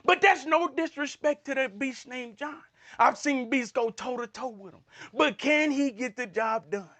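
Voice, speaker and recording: A man chatting as an esports analyst, animated and full of slangy trash talk. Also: extremely high pitch, moderate pace. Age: adult man. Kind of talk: casual esports desk chat.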